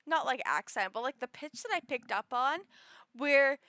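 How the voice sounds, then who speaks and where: A woman streamer chatting casually, rambling with many fillers and often shifting her pitch up and down. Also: animated, moderate pace, sharp tone, dry recording, clean studio sound. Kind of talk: casual chat.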